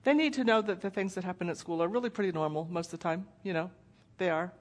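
Middle-aged woman doing a parenting talk, chatty, kinda intense but never loud. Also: fairly low pitch, fast. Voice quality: intense without raising her voice. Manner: conversational, acts out quoted voices. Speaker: parenting speaker. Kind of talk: presentation talk with slides.

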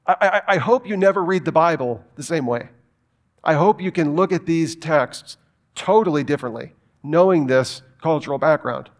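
A man delivering a sermon with a voice a little higher than most. He talks emphatically, piles up rhetorical questions and slips in joking asides. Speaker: preacher.

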